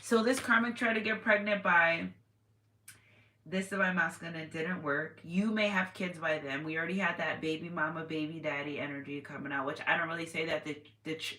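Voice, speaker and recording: A woman's voice: deep voice, bright, forceful tone. A woman giving a casual tarot reading to her viewers, chatty and repetitive with sudden exclamations. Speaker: tarot reader. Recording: echoey room with faint noise.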